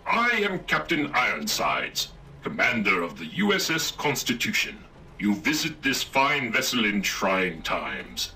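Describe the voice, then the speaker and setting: An actor playing a pompous, old-fashioned robot ship captain who barks formal naval orders, in a video game. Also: male voice, huge pitch swings, a little slow, sharp tone, a little hiss or hum, heavily acted. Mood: commanding. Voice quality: booming formal naval diction.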